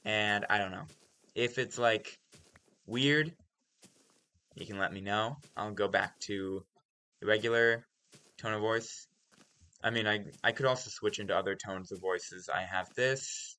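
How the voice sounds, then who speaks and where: Calm, unhurried male let's-play host, slightly low pitch, musing and introspective. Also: smooth. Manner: deliberately calm, soft-spoken delivery. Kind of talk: casual gameplay commentary.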